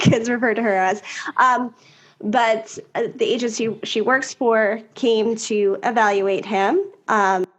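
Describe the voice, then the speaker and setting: A woman podcast co-host and mother chatting casually, telling a story full of laughs and "like". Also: on the high side. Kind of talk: casual chat.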